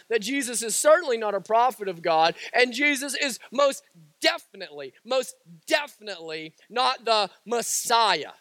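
A man's voice: extremely high pitch, fairly bright tone, no echo. A man preaching a sermon with passion, driving points home through repetition and casual asides.

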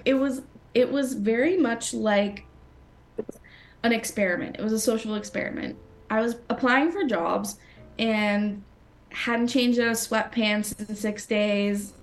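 A woman's voice: a little high, unhurried. A young woman from Canada, a designer talking casually in an interview, with many fillers and restarts. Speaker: guest designer.

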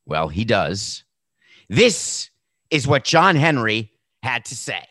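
Brief: male sports show host, sarcastic rant, lively swooping pitch, dry close sound. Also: slow, dry recording. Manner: sarcastic, animated, mocking. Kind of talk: satirical sports commentary monologue.

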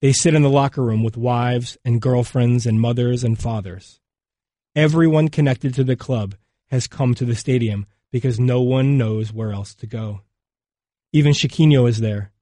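Somber, measured male documentary narrator. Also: mid-range voice, mellow, no echo. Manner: measured, somber, unhurried delivery.

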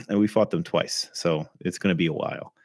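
Casual male podcast host, very low voice, a bit hoarse, chatty with filler words. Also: normal speed, darkish tone, dry recording, studio quality. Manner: conversational, frequent ums and throat clearing. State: slightly hoarse, something in his throat. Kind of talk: casual fantasy football recap.

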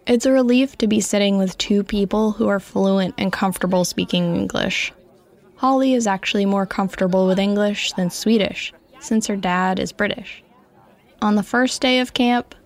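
A woman's voice: mid-range voice, creaky, a little mellow. A woman reading a first-person story in a reflective, evenly paced storytelling manner. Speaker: narrator.

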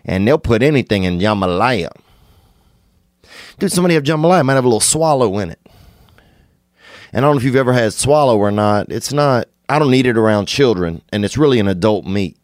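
A man, hosting a podcast and rambling through an absurd comic monologue, laid-back with sudden excited bursts. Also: mid-range voice, a little fast, no echo, studio quality. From Louisiana. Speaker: podcast host.

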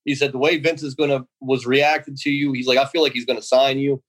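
A man's voice: mid-range voice, fast, low-quality recording. A man in his thirties, a guest in a casual interview, telling long rambling stories and acting out what other people said. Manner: rambling, animated, acts out quoted voices. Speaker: guest, former pro wrestler.

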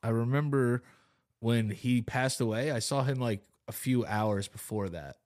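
A man co-hosting a casual podcast chat, loose and profane, who slips into goofy high voices when he quotes someone. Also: measured pace, darkish tone. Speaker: podcast co-host.

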